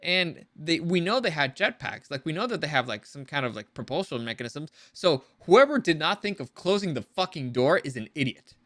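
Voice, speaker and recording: Bright, dry-mic male reviewer, casual and rambling, profane. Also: on the high side, brisk, few pauses, no room sound. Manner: rambling, profane, animated with frequent restarts. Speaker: show reviewer. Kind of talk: casual commentary.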